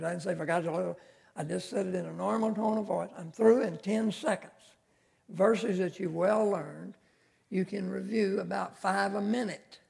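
An older man teaching Sunday school with a heavily gravelly, husky voice. He sits fairly high for a man and talks in a folksy, chatty way, full of homespun asides. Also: darkish tone. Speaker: Bible teacher.

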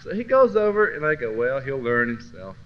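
A man teaching a Christian class through personal storytelling, swinging from low murmurs to loud bursts. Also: sing-song, brisk. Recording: dull lo-fi recording with faint hiss.

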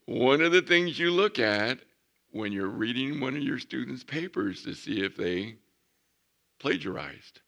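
A man preaching a sermon as pastor, reading scripture slowly and building to emphatic points. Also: mid-range voice, vocal fry, sharp tone. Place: church.

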